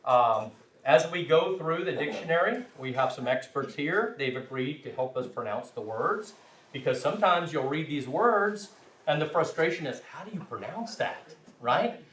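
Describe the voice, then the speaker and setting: A man's voice: a little high, animated, normal speed, fairly bright tone. A man teaching a language class, chatty and informal, often checking in with his students. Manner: chatty, frequent "right?" check-ins, self-deprecating. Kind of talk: classroom instruction. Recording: roomy, distant, faint hiss.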